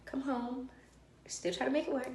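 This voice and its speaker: A woman vlogger telling a personal story in a lively way and acting out the dialogue of others. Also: high voice, moderate pace, slight background noise. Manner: animated, acts out dialogue. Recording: roomy echo.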